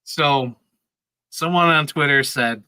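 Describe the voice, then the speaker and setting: A podcast regular in his thirties, this man has a voice on the high side that is pushed and bright yet clear and resonant, and he takes his time. His storytelling is casual and rambling, peppered with laughter and free swearing. The recording is rough, with no echo.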